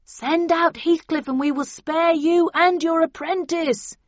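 A woman voicing a menacing hostage-taker calling through a bullhorn, loud, slow and deliberate. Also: very high-pitched, steady tone, no room sound, highs cut off, voice pushed up. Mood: threatening. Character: cornered man on a bullhorn, menacing.

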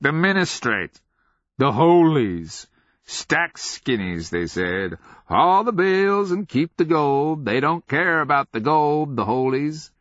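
Man putting on a raspy mad old soldier, cackling, high strained voice, rambling, lo-fi storybook read. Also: very animated, takes it slowly, a bit bright, dry recording, full character voice. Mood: mischievous. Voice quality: harsh rasping voice. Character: hoary cackling mad old male sergeant.

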